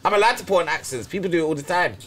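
A man co-hosting a casual podcast, telling stories loudly and laughing a lot. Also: sits high, racing. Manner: loud, laughing, animated storytelling. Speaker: podcast co-host. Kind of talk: casual banter.

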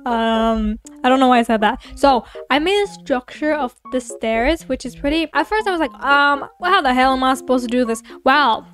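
A woman's voice: high voice, moderate pace, few pauses, fairly bright tone. Tired, chatty teenage girl gamer. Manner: chatty, rambling and self-mocking. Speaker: gaming YouTuber. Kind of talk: casual gameplay commentary.

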